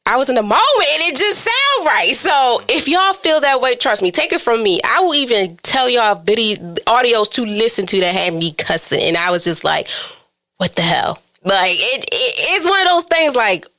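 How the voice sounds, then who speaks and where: Bright-voiced young woman podcast host. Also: fairly high pitch, normal speed, few pauses. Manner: animated, chatty, acts out her own inner voice. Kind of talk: casual podcast chat.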